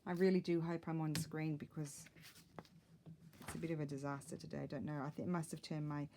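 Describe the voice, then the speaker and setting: A woman's voice: low voice, level tone, a little fast, mellow, slight background noise. Chatty middle-aged woman, rambling. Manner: rambling, chatty, self-deprecating. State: a little out of breath. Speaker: crafting vlogger. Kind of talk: casual chat while crafting. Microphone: tablet camera mic.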